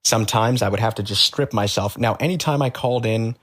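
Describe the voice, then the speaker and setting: A man as an interview guest, telling stories in a halting, matter-of-fact way with many fillers. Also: lowish voice, a bit bright. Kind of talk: conversational storytelling.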